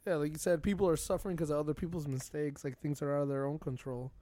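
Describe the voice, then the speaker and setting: A man's voice: on the high side, fairly even intonation, fast talker, warm tone, dry recording. A man co-hosting a podcast, chatting casually with loose, profane banter. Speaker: podcast co-host. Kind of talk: casual chat.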